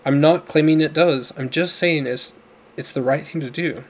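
A man voicing a quiet, hesitant young man. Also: a little high, moderate pace.

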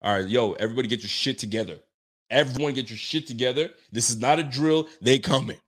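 A man hosting a casual live-stream about football, reading viewer comments, swearing, laughing and getting excited in fast slangy talk. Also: medium pitch.

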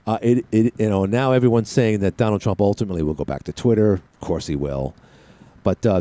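A man's voice: medium pitch, dark tone, no room sound. A male radio talk show host talking solo in a studio, rambling with frequent restarts and asides. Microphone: studio mic with headset.

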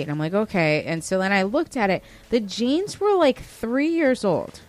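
Faint music sits behind a woman in her thirties with a fairly low-pitched voice and a measured pace. A podcast co-host, she casually tells a retail story, animatedly acting out customers in quoted voices and using lots of "like" fillers.

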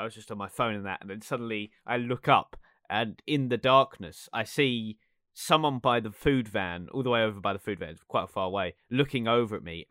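Young man, podcast co-host, bright dry voice, rambling and laughing. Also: lowish voice, no echo. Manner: rambling, laughing often, many fillers. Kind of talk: casual chat, storytelling.

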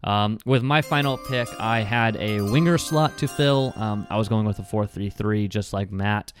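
A man co-hosting a casual sports podcast, chatty and quick, with lots of fillers and asides. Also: fairly low pitch, soft background music. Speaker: podcast co-host.

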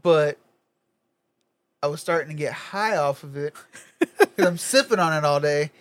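A man's voice: fairly high pitch, measured pace, dry recording. A young man telling a laid-back story in casual chat, laughing and swearing freely.

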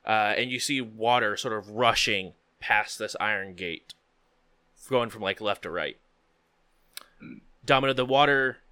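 A male game master runs a tabletop adventure in a bright, clean-edged, smooth voice at mid-range pitch. He describes each scene haltingly, often pausing on fillers. The sound is close and dry, with barely any room tone and no echo.

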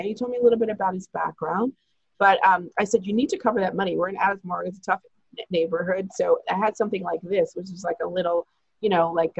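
A woman's voice: mid-range voice, gravelly, breathy edge, no room sound, muffled recording. A woman telling a long personal story in a chatty, breathless way, acting out the lines of the people in it. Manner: chatty, breathless retelling with quoted dialogue. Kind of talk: casual storytelling.

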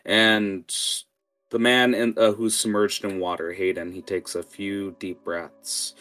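A man runs a tabletop game as game master, narrating in a relaxed, halting way full of fillers. He talks slowly in a lowish voice. Faint guitar music plays behind him.

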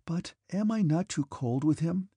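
A man's voice: fairly high pitch, expressive, unhurried, warm tone, husky, no room sound, clean studio sound, voice pushed up, full character voice. A man voicing a shy, anxious young princess who speaks hesitantly. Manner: hesitant, self-doubting.

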